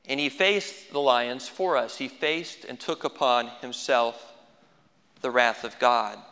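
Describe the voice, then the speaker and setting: A man's voice: medium pitch, slow pace, pushed and bright, in a large hall. A man preaching a sermon as pastor, folksy with dry humorous asides.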